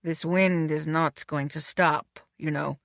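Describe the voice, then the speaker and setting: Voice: medium pitch, animated, measured pace, bright, forceful tone, dry recording, studio quality. A reader voicing a courteous male film star who speaks in formal, careful sentences. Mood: gloomy. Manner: formal, courteous, slightly stiff phrasing.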